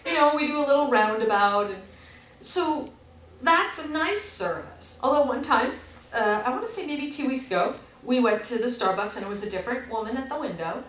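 A woman chats to camera in a casual, animated storytelling voice that is bright and slightly high. She acts out both sides of every exchange. The sound is echoey, as if she sits away from the mic in a bare room. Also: brisk, distant mic, slight background noise. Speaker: vlogger.

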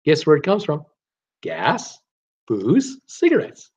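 A man's voice: a little high, wildly swooping pitch, slow, darkish tone, slightly rough. Chatty man hosting live-stream trivia. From Canada. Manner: reads viewer guesses aloud, chatty and joking.

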